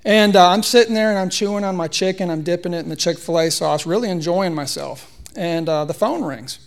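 A man's voice: sits high, fairly quick, vocal fry. A man in his thirties giving a conversational, humorous sermon in a church, telling a personal story. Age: 30s. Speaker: preacher.

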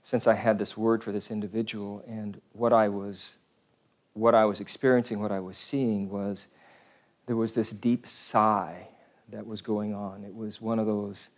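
A priest giving a homily, telling jokes in a conversational storytelling manner with pauses. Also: male voice, on the low side, level tone.

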